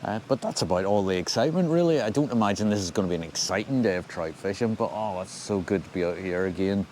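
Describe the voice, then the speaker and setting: A man's voice: on the low side, animated, fast, a little mellow. An older Scottish man talking casually to the camera as he walks across a windy moor, rambling and dryly humorous. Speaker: angling vlogger. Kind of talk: casual walking commentary. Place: outdoors on a windy moor by a loch.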